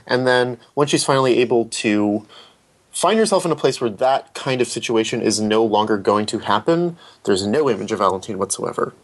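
A man in a casual film discussion, reasoning his way through a scene as a critic. He often restarts his sentences and circles back to pick his words carefully. His voice sits at an ordinary middle pitch. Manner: thoughtful, many restarts and hedges.

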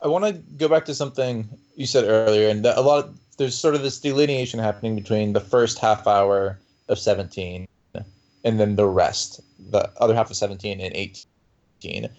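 Earnest low-voiced man, lo-fi. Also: moderate pace, a little mellow. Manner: earnest, emphatic, many "like" fillers. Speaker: podcast panelist. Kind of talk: casual critical discussion.

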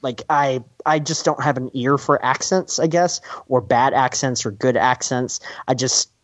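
A man's voice: medium pitch, measured pace, fairly bright tone, dry recording. A man co-hosting a podcast, chatting casually about a film in a rambling way, with many restarts and acted-out quotes. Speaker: podcast co-host. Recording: dull, slightly lo-fi dry sound.

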